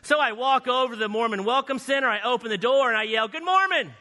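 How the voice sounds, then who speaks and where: A man with a high, bright, forceful voice tells a story from a church pulpit. His delivery is lively and anecdotal, full of playful asides, and his words ring out with the long reverb of a large church hall. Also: fast talker. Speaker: guest speaker. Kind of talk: storytelling sermon. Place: church sanctuary.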